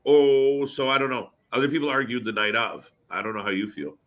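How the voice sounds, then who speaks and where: A man co-hosting a live wrestling watch party stream, chatting casually with fillers and quick reactions. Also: medium pitch, fairly bright tone.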